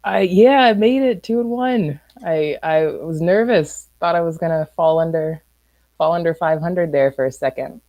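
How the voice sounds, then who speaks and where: Low-voiced woman guest, modest and easygoing. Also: normal speed, warm tone, no echo, lo-fi sound. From northeastern United States. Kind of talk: casual interview chat.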